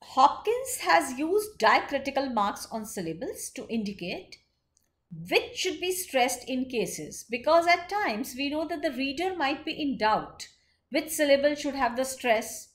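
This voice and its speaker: High-voiced woman lecturing on literature. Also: expressive. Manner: measured explaining with frequent pauses and fillers. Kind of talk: classroom lecture.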